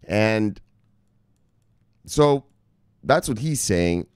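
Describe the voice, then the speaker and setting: A man's voice: lowish voice, normal speed, no echo, clean studio sound. A man hosting a crypto news show, reading headlines and riffing on them in a casual, joking, profane way. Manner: animated, profane, joking asides, reads headlines then riffs.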